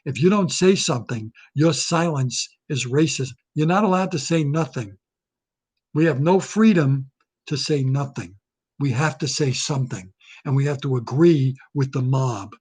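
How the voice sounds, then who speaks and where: A man's voice: medium pitch, moderate pace, a little mellow, breathy edge. A man delivering a satirical political rant to camera, heated and indignant, repeating himself, recorded on a webcam. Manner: heated, repetitive, indignant ranting. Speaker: comedic ranter. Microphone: webcam or laptop camera.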